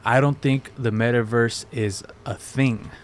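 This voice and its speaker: A man co-hosting a podcast, talking in a relaxed, slangy casual chat full of fillers. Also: medium pitch, a little slow, a little hiss or hum. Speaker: podcast co-host.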